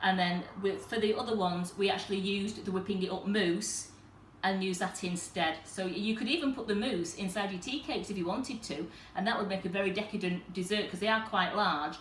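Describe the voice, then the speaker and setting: Woman, mid pitch, talks viewers through a live cooking demo in an echoey kitchen with faint background hum. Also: fairly quick, few pauses. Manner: chatty, explains step by step to viewers. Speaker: cooking demonstrator and host.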